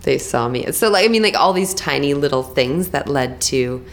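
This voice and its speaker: A young actress and voice actor in a casual interview, telling stories with animated restarts and playful imitations. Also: female voice, a bass voice, slight background noise. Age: young adult. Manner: animated storyteller, quick restarts, lively imitations.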